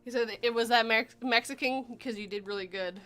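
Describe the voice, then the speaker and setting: A woman's voice: on the high side, fairly quick, a bit bright, faint music behind. Giggly woman hosting a chat. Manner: giggly, reads chat messages aloud, punny. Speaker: podcast host. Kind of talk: casual livestream chat.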